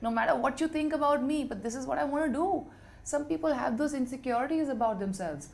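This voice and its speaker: A woman in her thirties with an Indian English accent, a guest in an interview, telling her story in an animated way and slipping into Hindi phrases. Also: high voice, fast, vocal fry. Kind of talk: candid conversational interview.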